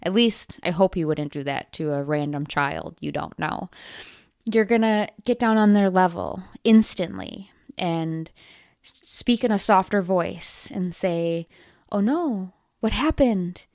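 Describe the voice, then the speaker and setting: A woman hosting a solo self-help podcast, coaching listeners in a deliberate, encouraging and gently playful way. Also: fairly low pitch, creaky, dry recording, clean studio sound. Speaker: podcast host.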